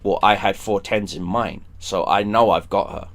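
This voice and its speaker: A man hosting a stream, telling a story in casual chat. He swears a lot, gets animated and often restarts his sentences. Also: fairly low pitch, moderate pace. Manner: profane, animated, with frequent restarts. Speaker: streamer host.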